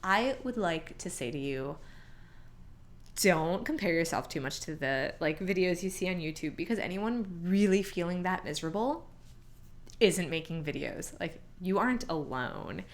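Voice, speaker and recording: A woman's voice: on the low side, lively intonation, normal speed. A young woman chatting casually in a pregnancy vlog, full of "like" fillers, now and then acting out her own reactions. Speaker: vlogger.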